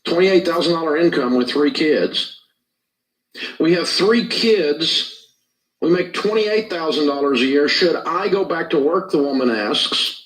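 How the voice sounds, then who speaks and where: A man hosting a call-in money advice show speaks in a measured, pointed way and leans on the figures. His voice sits a bit high. The clip sounds distant and roomy. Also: expressive, a bit bright. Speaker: financial advice radio host. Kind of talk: radio call-in advice commentary.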